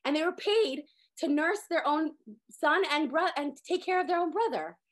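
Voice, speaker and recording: A woman teaching a casual online Torah class, telling the story with lively acted-out lines and many "like" fillers, over a video call. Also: high-pitched, normal speed.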